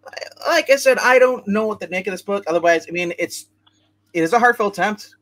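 A man's voice: high-pitched, animated, a little fast, a bit bright. A man hosting a casual chat show, rambling through a comic book review with many restarts and asides.

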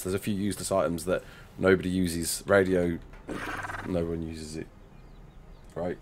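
A man in his thirties with a Black Country accent chats his way through a game livestream. He reads out chat, thanks donors as mate and son, and pokes fun at himself, his pitch rising and falling freely. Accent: Black Country English. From Black Country, England. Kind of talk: casual livestream chat reading donations and chat.

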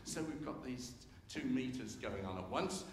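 A man's voice: medium pitch, expressive, normal speed. Older man, composer talk to a concert crowd, hums themes, dry self-mocking humour, long hall reverb. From England. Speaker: composer introducing his symphony. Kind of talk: informal talk to a concert audience. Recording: roomy hall reverb, faint ambience.

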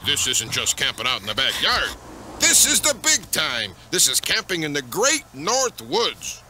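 Goofy laughing uncle. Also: male voice, fairly high pitch, huge pitch swings, a little slow, bright, forceful tone, a little hiss or hum, full character voice. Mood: jolly. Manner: laughs often, boisterous. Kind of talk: cartoon voice acting.

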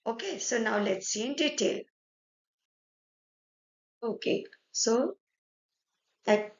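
A woman with an Indian accent teaches a lesson in a fairly high voice, walking through each point patiently and checking in with her students. The recording is roomy and echoey, with a dull, lo-fi sound. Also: lively intonation, slow, long pauses. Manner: explanatory, checks in with "right?" and "okay". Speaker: French teacher. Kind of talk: explaining a French lesson in mixed Hindi and English.

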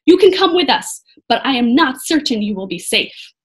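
A woman reading aloud gives voice to a calm, kindly monk from a storybook. He speaks solemnly and in measured, old-fashioned phrases. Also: high voice. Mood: urgent.

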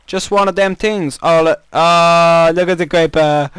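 A man chatting his way through a survival game, jokey and easily startled. His voice sits a little high and sounds smooth and clear, recorded close and dry. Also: a little slow, few pauses, a bit bright, dry recording. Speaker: let's play host. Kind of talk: casual gameplay commentary.

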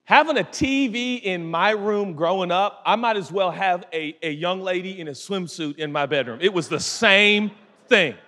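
A middle-aged man preaching a sermon, telling a story with lively acted-out voices. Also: sits high, normal speed. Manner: animated storytelling, acting out quoted voices. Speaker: pastor. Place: large church hall. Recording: long reverb of a large hall.

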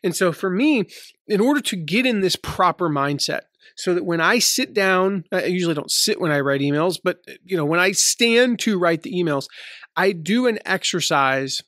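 A man's voice: high-pitched, lively intonation, normal speed, fairly bright tone, no room sound, clean studio sound. A man in his thirties from the American South, with a light Southern accent, hosting a casual solo podcast, chatty and full of fillers and restarts. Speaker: podcast host.

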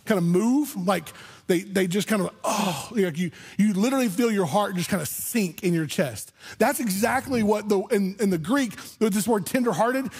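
Husky high-voiced man preaching a sermon. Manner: conversational preaching with frequent restarts. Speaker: pastor. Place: church sanctuary.

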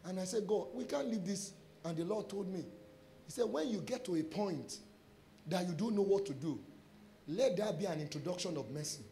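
A Nigerian pastor with a noticeably high voice preaches through a string of testimony stories. He acts out each exchange in lively quoted dialogue and drops into pidgin phrases as he goes. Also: normal speed, a little hiss or hum. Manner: animated storyteller acting out dialogue. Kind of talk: sermon testimony.

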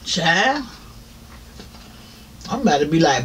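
A man's voice: sits high, lively intonation, normal speed, pauses often, fairly bright tone, a little hiss or hum. A man with a Southern US accent, chatting casually to viewers while eating on camera, laughing often and saying "y'all". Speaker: mukbang vlogger. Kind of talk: casual eating-show chat.

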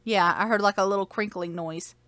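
A woman's voice: medium pitch, fairly even intonation, a little fast, fairly bright tone. A woman from Kentucky co-hosting a game playthrough, chatting casually in an easygoing, hesitant way full of fillers. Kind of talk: casual chat.

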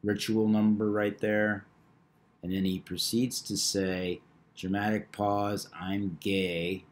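A man hosting a video, talking through number patterns in a measured, knowing way. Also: on the low side, level tone. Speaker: numerology video host. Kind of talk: casual monologue.

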